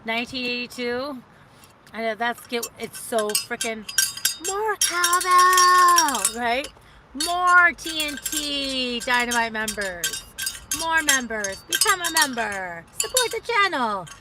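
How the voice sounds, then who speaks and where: A woman's voice: on the high side, animated, a little slow, very noisy. A woman hosting a casual livestream, chatting in a rambling way and reading out viewer comments. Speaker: livestream host.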